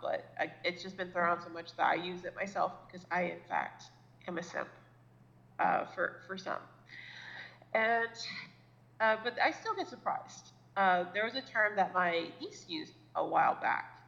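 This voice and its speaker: A woman in her thirties chats casually on a podcast, rambling and poking fun at herself, with swearing mixed in. Her voice is bright and edgy but sits a little low. The recording is dull and lo-fi. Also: gravelly. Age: 30s. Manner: rambling, self-deprecating, swears freely. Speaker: podcast co-host. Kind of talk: casual chat.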